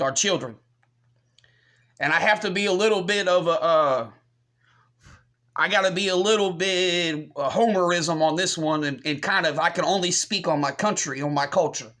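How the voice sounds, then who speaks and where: A man's voice: high voice, moderate pace, sharp tone. A man from the United States delivers a combative rant to his channel's viewers, packed with swearing. He sounds scornful and confrontational the whole way through. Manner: combative, profane, scornful ranting. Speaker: channel host. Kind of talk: ranting commentary.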